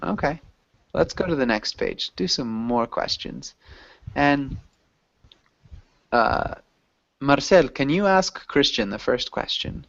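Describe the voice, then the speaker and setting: A man's voice: medium pitch, expressive, slow pace, long pauses, fairly bright tone, dry recording. A man teaching an English class, explaining patiently and casually with lots of ums. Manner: patient, loose and chatty, with many ums. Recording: dull lo-fi audio.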